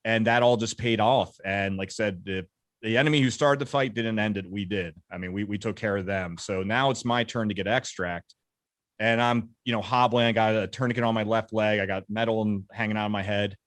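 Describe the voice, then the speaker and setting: A man in his thirties, an interview guest telling combat stories briskly, acting out the dialogue. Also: fairly low pitch, steady tone, a bit bright, dry recording. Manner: brisk, vivid war storytelling with quoted dialogue. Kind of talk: casual storytelling interview.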